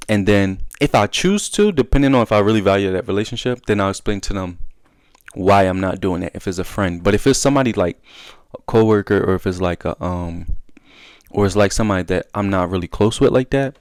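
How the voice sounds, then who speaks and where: A young man speaking in a casual, animated way, giving advice and acting out bits of dialogue. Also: on the low side, fairly quick, no room sound. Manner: animated, conversational, acts out dialogue. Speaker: self-help video host.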